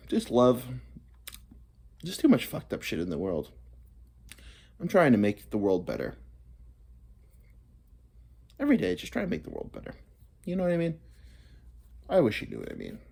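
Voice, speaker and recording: A man's voice: mid-range voice, huge pitch swings, normal speed, creaky, long pauses, dark tone, slightly rough. A man in his thirties, vlogging a rambling, profane comic monologue that drifts between topics. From United States. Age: 30s. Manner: profane, meandering, self-deprecating.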